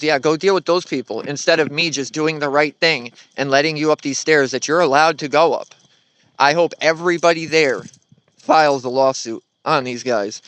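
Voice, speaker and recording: A man's voice: a little high, moderate pace, fairly bright tone, clean tone, no echo. A man giving blunt, sarcastic commentary on a video clip.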